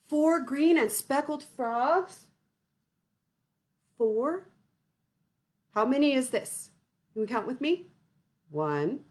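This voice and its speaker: A woman leading a children's music lesson, counting and encouraging young viewers in a gentle way. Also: high-pitched. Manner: gentle, encouraging, sings nursery songs. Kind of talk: singing and counting lesson for kids.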